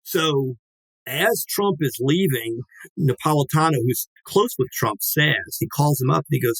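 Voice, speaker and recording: A man's voice: mid-range voice, moderate pace, breathy edge, no room sound, poor audio. A man in his sixties, a guest on a talk show, telling a story in a casual way. He acts out what people said to him and swears now and then. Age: 60s. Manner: lively, acts out quoted dialogue, swears casually.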